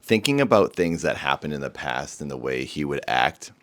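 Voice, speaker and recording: Male vlogger, very deep voice, earnest and somber, rambling talk to camera. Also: expressive, moderate pace, fairly bright tone.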